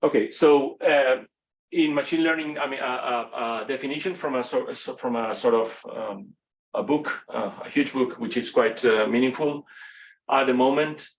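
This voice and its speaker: Halting male lecturer with a Spanish accent. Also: mid-range voice, a little hiss or hum. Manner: halting, many fillers and restarts. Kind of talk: unscripted course lecture.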